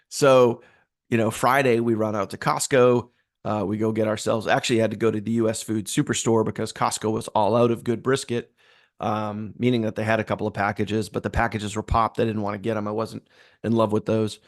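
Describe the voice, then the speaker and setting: A man's voice: fairly low pitch, level tone, moderate pace. A man hosting a live stream in casual chat, upbeat and rambling, greeting viewers by name. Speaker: livestream host.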